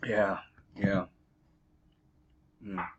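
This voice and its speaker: A man giving a casual beer review, halting and full of fillers, recorded on a dull lo-fi mic. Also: sits low, level tone, slight background noise. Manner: halting, filler-heavy, easygoing.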